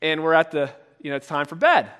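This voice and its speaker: A man preaching a sermon as pastor, talking conversationally and acting out quoted voices with sudden loud shouts. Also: fairly high pitch, sing-song, fast, clear, resonant tone. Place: church sanctuary. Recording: long reverb of a church hall.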